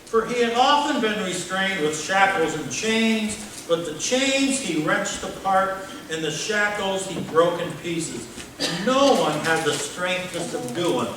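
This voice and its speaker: Guy preaching, slow and drawn out, playful, far off mic, big echoey church, some noise. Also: high-pitched. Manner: animated storytelling with playful sound effects and questions to the congregation. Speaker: pastor. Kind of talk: sermon. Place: church sanctuary.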